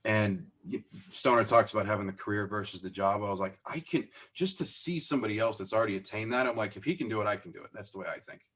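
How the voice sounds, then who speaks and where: Speaking fast with few pauses, this low-voiced man is a business owner on a podcast. He spins stories in an informal interview, animatedly performing the dialogue, self-deprecating and laughing while he talks.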